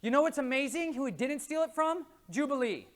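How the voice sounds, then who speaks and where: A man giving a lively, jokey faith talk at a conference, speaking to a live audience and telling stories. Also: very high-pitched, brisk. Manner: lively, jokey, acts out quoted voices. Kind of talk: animated faith talk with storytelling.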